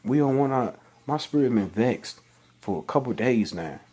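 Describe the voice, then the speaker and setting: A man's voice: mid-range voice, lively intonation, normal speed, dark tone, breathy edge. A man reading scripture aloud and preaching about it in loose, everyday speech, with many restarts and exasperated questions. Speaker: religious vlogger. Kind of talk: informal scripture talk.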